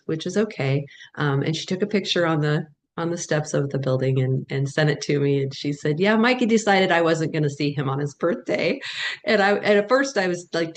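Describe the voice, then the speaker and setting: An earnest woman speaks on a webinar panel over a video call, giving heartfelt testimony. Her delivery is emphatic, and she often circles back to repeat her phrases. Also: deep voice. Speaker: panelist, bereaved mother and advocate.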